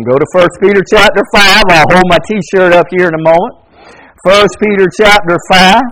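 High-voiced preacher in his fifties. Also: rough recording. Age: 50s. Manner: preaching with rising, emphatic repetition; drops to soft, tender tones. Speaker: pastor. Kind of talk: sermon.

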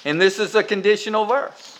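A male pastor preaching a sermon, leading the congregation in call-and-response and climbing higher on emphasis. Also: a little fast, fairly bright tone.

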